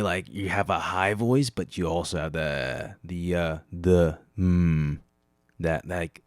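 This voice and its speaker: A man's voice: no room sound, studio quality. A man doing a laid-back stoner-ish pastor. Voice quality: high voice with a deep low end. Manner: slow, drawn-out, relaxed delivery.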